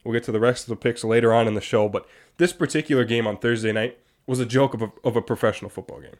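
A young man hosting a casual sports talk show, animated and exasperated, often laughing. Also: medium pitch, quick pace. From Wisconsin. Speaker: sports podcast host.

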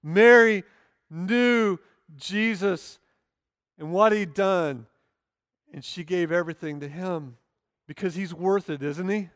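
A male pastor preaches a sermon in an earnest, deliberate way, slowing down to stress key phrases. His voice sits high and comes across smooth and clear. The sound is dry and close, with little room echo. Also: fairly bright tone. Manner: earnest preaching with slow emphatic pauses. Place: church sanctuary.

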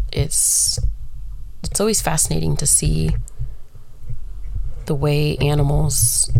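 Low-voiced woman with heavy vocal fry, just rambling candid and cursing a bit. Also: darkish tone, dry recording. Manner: candid and rambling, swears freely. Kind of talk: casual solo monologue.

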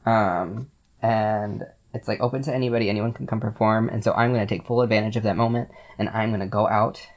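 Young podcast co-host, mid pitch, playful slang, laughs a lot. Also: fairly even intonation, a little fast. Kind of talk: casual chat.

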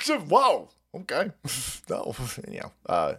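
An older man hosting a profane political livestream, ranting and mocking, dropping to low mutters between bursts of laughter. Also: wildly swooping pitch, slow pace, breathy edge. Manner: foul-mouthed, swings from loud mockery to low mutters, laughs often. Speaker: political commentary streamer.

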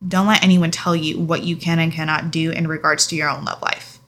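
Young woman, storytime vlogger, bright tense voice, frank and emotional. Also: low-pitched, little pitch movement, brisk. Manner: frank, emotional, casual swearing. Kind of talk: candid storytime vlog.

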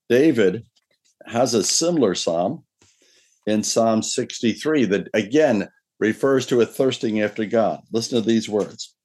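Male pastor, low voice, earnest sermon delivery with slow scripture readings. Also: lively intonation, a little mellow. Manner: earnest preaching, slows and lifts his voice when reading scripture.

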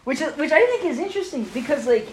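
A woman's voice: high voice, animated, quick pace, slight background noise. A woman hosting a podcast, chatting casually with lots of fillers and restarts. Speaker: podcast host. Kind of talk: casual chat.

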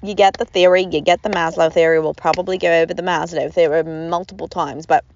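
Lowish gravelly woman rambling earnestly thru a self-help podcast, kinda dull muffled audio. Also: steady tone, brisk, darkish tone, a little hiss or hum. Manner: earnest, rambling, repeats phrases. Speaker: podcast host. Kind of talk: reflective self-help talk.

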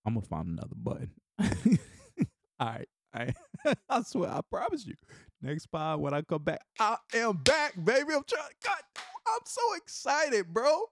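A middle-aged man talks casually on his own podcast in a fairly high, very lively voice that swings from low murmurs to excited bursts. He laughs often and keeps things loose and animated. The recording is close and completely dry, with no room sound. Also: moderate pace, gravelly, no room sound. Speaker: podcast host. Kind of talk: casual solo podcast talk.

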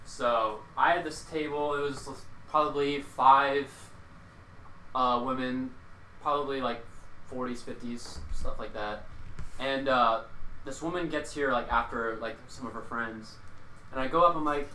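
A young man chats casually, recounting a shift as a server with plenty of fillers and acted-out dialogue. His voice is bright and forward. He sits some way back from the mic in an echoey room with faint ambient noise. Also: medium pitch, steady tone, unhurried, pauses often, far from the mic. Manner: rambling, lots of fillers and quoted dialogue. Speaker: restaurant server. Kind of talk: casual storytelling chat.

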